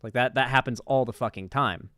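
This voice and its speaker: A man's voice: mid-range voice, a little fast, a bit bright, no echo, studio quality. A man giving casual reaction commentary on a clip, talking in a loose, profane and incredulous way. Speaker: political commentary streamer.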